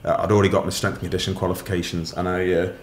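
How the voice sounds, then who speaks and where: A man's voice: low voice, level tone, rapid-fire, echoey room, a little hiss or hum. A middle-aged man, a podcast guest candidly telling his story in a matter-of-fact, casual way.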